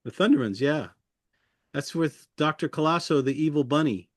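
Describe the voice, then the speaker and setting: A man's voice: fairly high pitch, brisk, dry recording, clean studio sound. A man who works as a puppeteer, chatting casually as an interview guest, chuckling often and rambling loosely through his memories.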